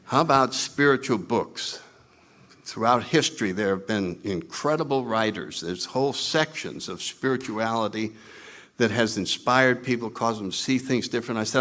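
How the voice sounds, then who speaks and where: A man's voice: mid-range voice, normal speed. A man speaking at a recovery meeting, telling his story with wry self-mockery and acting out his own past lines. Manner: animated, acts out his own past lines in put-on voices. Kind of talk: storytelling talk to a meeting audience.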